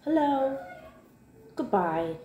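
A mother slowly teaching her child words in a sing-song, animated way, with playful gasps. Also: sits high, highs cut off. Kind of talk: slow, simple teaching talk to a child. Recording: echoey room with clear background noise.

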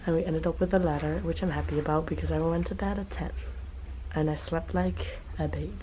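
A woman in her twenties with a hoarse, worn-out voice, chatting casually and rambling to the camera in a vlog. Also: low-pitched, fairly even intonation, a little fast, dark tone. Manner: chatty, rambling, tired, giggly. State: hoarse, voice nearly gone. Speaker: vlogger. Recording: muffled camera audio with background noise.

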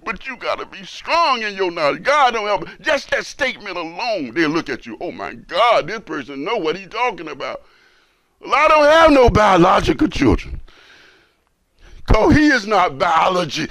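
A man's voice: high-pitched, very animated, unhurried, gravelly. A man giving a Friday sermon as imam, repeating lines emphatically and asking rhetorical questions. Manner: swings between hushed and loud, rising to forceful.

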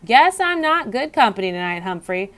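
A woman's voice: a little high, sing-song, moderate pace, a bit bright. A woman voicing a kind, cheerful male school custodian who talks in an easygoing, friendly way.

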